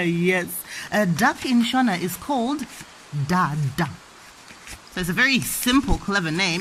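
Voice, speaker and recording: A woman's voice: lowish voice, animated, takes it slowly, a bit bright, slight background noise. A young adult woman, a mother playfully teaching her child words with toys, sing-song and making animal sounds. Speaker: parent teaching Shona words.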